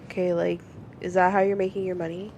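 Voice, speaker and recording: A woman's voice: fairly low pitch, fast talker, slight background noise. A woman co-hosting a casual podcast, telling stories with lots of swearing and acting out both sides of phone calls. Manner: animated storyteller, swears freely, acts out both sides of calls. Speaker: podcast co-host. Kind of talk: casual chat.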